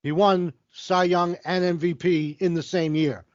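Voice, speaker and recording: A man's voice: high voice, steady tone, measured pace, no room sound. A man in his forties co-hosting a casual sports podcast, cursing freely and rattling off statistics. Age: 40s. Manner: profane, rattles off stats. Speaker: podcast co-host. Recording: dull lo-fi dry recording.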